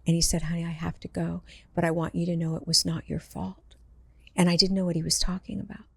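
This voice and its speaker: Woman medium w a low voice sharing stories, does the voices, dry close sound. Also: flat delivery, fast, vocal fry, breathy edge, dry recording. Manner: earnest, acts out quoted voices in her stories. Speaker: intuitive medium, podcast guest. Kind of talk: personal storytelling in conversation.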